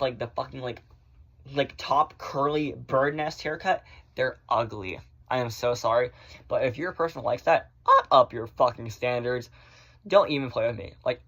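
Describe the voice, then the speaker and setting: A man's voice: medium pitch, a bit bright. Blunt, sassy man ranting to his phone. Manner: blunt, sassy, filler-heavy, swearing. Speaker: vlogger. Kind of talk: casual rant to camera.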